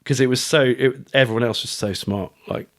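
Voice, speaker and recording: A middle-aged man with a British accent, a guest talking in a casual interview, rambling and animated, with lots of fillers and the odd swear word. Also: medium pitch, brisk. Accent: British English. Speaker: guest author.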